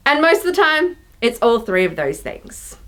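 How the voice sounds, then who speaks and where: A woman's voice: a little high, very animated, normal speed, fairly bright tone. A young woman, a youth pastor, giving a conversational, reflective sermon with playful voiced asides.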